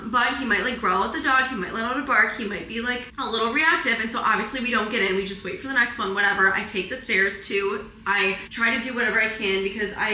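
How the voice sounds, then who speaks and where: A teary young wellness vlogger rambles through a casual confessional vlog in her apartment, emotional, nearly crying and leaning heavily on "like." Her voice is fairly high, bright and tense, in an echoey room with faint background hiss.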